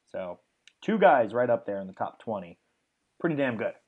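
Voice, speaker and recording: A man's voice: on the low side, very animated, normal speed, slightly rough, phone-quality sound. Casual young man rattling off stats. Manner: enthusiastic, rattles off stats with fillers. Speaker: podcast host. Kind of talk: casual sports podcast chat.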